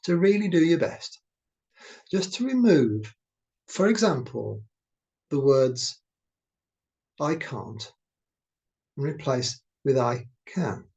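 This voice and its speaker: A man guiding a meditation, speaking in a slow, gentle, soothing way. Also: on the high side, expressive, lo-fi sound. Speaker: meditation teacher. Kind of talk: guided meditation talk.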